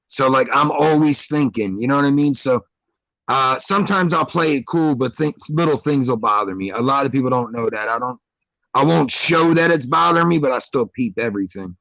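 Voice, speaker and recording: A man's voice: mid-range voice, expressive, fairly quick, vocal fry, fairly bright tone, no echo, rough recording. A man talking as a guest in a casual chat, earnest and reflective, with street slang. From American suburbs. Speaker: podcast guest. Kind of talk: casual conversation.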